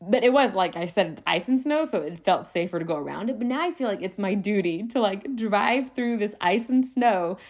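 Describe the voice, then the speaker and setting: A woman hosting a solo podcast in a casual chat, animated and chatty, laughing often as she talks. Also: mid-range voice, fairly quick, few pauses. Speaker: podcast host.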